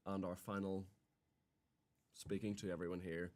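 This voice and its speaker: A man's voice: sits low, fairly even intonation, normal speed, darkish tone. A young man co-hosting a student radio show, bantering playfully with mock-grand jokes. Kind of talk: casual radio chat.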